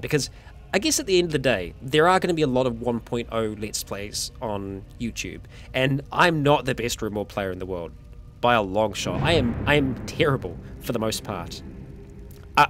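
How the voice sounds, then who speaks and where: A man's voice: mid-range voice, a bit bright. A young man, chatting casually on a livestream and answering viewer questions, a little tired. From New Zealand. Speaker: streamer.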